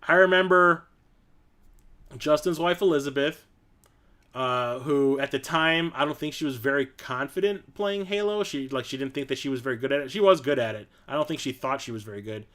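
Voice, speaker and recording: Mid-range in pitch and speaking at normal speed, a young man runs a laid-back live-stream chat. His storytelling wanders, punctuated by frequent laughter and loudly performed quotes.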